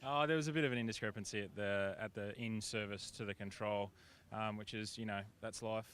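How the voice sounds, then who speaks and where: A man's voice: fairly low pitch, fairly even intonation, brisk, a bit bright, slight background noise. A man with an Australian accent, a rally driver, talking in a laid-back, shrugging way. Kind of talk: casual interview.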